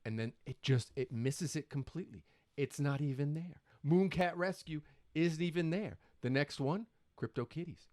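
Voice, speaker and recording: A middle-aged man hosting his own show, excitedly retelling a story with many quoted exclamations. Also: medium pitch, moderate pace, no echo, studio quality. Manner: animated, breathless retelling full of quoted exclamations. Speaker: show host.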